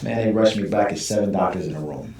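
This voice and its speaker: Deep-voiced man telling a story, echoey room. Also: quick pace, slight background noise. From Southern California. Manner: animated storytelling, acts out quoted voices. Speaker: guest. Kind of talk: casual storytelling in an interview. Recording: echoey room, mic at a distance.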